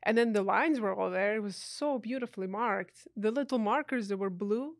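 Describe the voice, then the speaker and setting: A woman's voice: medium pitch, normal speed, no room sound, clean studio sound. A woman from Ukraine, a guest in an interview, telling stories with emotion and acting out the dialogue. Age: adult. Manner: animated, emotional, acts out dialogue in voices. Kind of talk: conversational interview storytelling.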